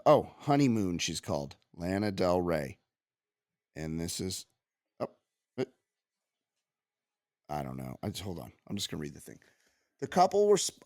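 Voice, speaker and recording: A man co-hosting a podcast, reading news aloud and riffing on it in casual comedic banter, full of restarts and quick asides. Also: on the low side, no echo, studio quality. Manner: animated, riffing, reads news aloud then jokes; frequent restarts and filler yeahs. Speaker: podcast co-host.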